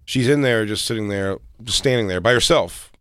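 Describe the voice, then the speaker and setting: A man's voice: on the low side, a little fast, clear, resonant tone, no room sound. A man hosts a comedy podcast and tells a heated story with lots of swearing. He jumps into the voices of the people he talks about. His voice sits close to the mic with a dry, dead sound. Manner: animated, profane, acting out quotes. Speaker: host.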